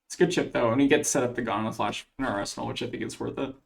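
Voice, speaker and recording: A man's voice: mid-range voice, rapid-fire, gravelly. A man commentating his own card game match, thinking aloud as he weighs each play, with plenty of fillers. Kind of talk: casual gameplay commentary.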